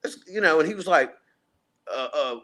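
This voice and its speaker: Bright-voiced man telling a story. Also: a little high, normal speed. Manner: animated, acts out quotes, frequent fillers. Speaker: podcast co-host. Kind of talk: casual storytelling chat. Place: home, remote call.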